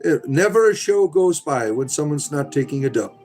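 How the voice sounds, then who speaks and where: A man's voice: fairly high pitch, animated, moderate pace, a little mellow, faint music behind. A middle-aged man hosting a casual livestream, reading chat aloud in a rambling, sardonic, irreverent way.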